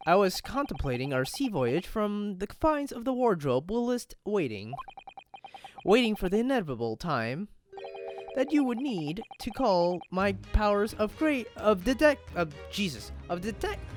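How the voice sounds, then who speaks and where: Pompous British sleuth, slow grand delivery, lively pitch, a male gamer putting it on. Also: faint music behind. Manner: grandiloquent, slow, halting reading.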